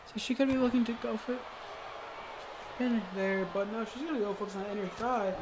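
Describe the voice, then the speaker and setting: Excited woman calling game action. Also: fairly high pitch, fairly quick, background noise. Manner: excited calls with sudden exclamations; hesitant fillers and self-corrections. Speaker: gaming video host. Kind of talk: play-by-play game commentary.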